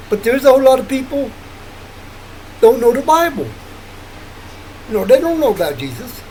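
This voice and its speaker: A man's voice: high voice, a little mellow, slight background noise, rough recording. An older man rambling through a late-night monologue, wandering from thought to thought and laughing often. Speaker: vlogger.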